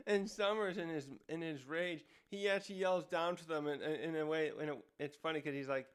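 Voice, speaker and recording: A man's voice: a little high, fairly even intonation, normal speed, clear, resonant tone. A man hosting a casual review, rambling and often restarting his sentences. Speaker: host.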